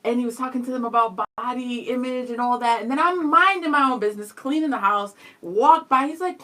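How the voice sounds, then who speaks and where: A woman's voice: high voice, brisk, hardly any pauses, a little hiss or hum. A woman in her thirties co-hosting a radio show, telling stories with lots of laughter in casual banter. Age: 30s. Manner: animated storyteller, laughs often. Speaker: radio co-host.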